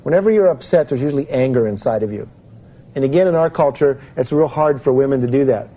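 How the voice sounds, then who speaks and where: A man's voice: medium pitch, quick pace, warm tone, poor audio. A man giving a live self-help seminar, explaining step by step and putting questions to his audience.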